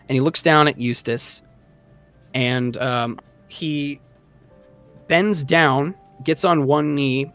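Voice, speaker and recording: Casting: man in mid pitch, laid-back game master narrating a tabletop session, chatty and loose. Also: a bit bright. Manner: casual and rambling, many fillers.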